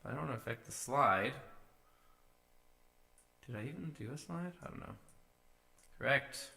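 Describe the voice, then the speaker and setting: A man's voice: mid-range voice, lively intonation, normal speed, vocal fry, sharp tone. A man casually talking through his vocal edits on a live stream, musing to himself as he works. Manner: musing to himself, sings short takes. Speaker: streamer producing music.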